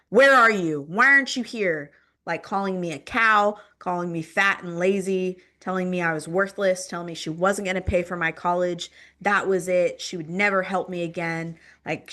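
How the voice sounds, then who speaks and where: Sharing her own story as a guest on a podcast, this woman has a lowish voice with a bit of brightness. Her talk wanders, packed with "um" and "like," and she repeats phrases to stress her points.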